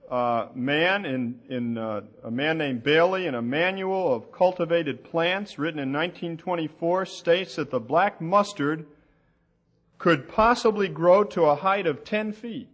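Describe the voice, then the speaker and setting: A man teaching a sermon from the Bible, slow and deliberate, asking the audience questions as he reads out passages. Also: on the high side, a bit bright. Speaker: preacher.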